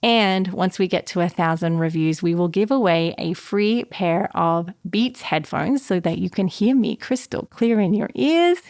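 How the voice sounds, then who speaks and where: A woman talks quickly and with real passion as she hosts her own podcast as an anxiety therapist. Her voice sits a little low, and the sound is dry and close with no room around it. Her delivery is casual and encouraging throughout. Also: darkish tone, no echo. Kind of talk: casual solo podcast talk.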